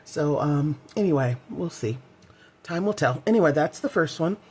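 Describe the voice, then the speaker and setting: A woman's voice: low voice, animated, unhurried, darkish tone, slightly rough. A middle-aged woman vlogging in a candid, heartfelt way, rambling with fillers as she talks. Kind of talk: casual personal vlog.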